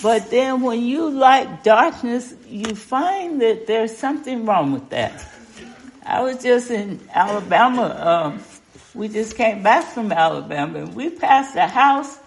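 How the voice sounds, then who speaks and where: Older woman, Bible study leader, folksy, slow-paced, lively pitch, chatty questions to the group. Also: slight background noise. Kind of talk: informal Bible study teaching.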